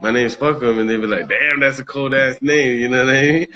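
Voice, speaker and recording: A man's voice: mid-range voice, steady tone, fairly quick, sharp tone, dull audio. A man telling stories in a casual interview, laid-back, swearing freely and laughing often. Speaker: rapper being interviewed.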